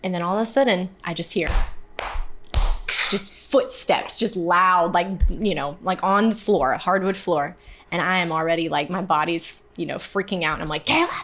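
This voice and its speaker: A young actress telling funny stories as an interview guest, lively and self-mocking, dropping to a hush for the punchlines. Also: female voice, lowish voice, moderate pace. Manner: lively, self-deprecating, drops to a hushed voice for punchlines. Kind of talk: animated storytelling in casual chat.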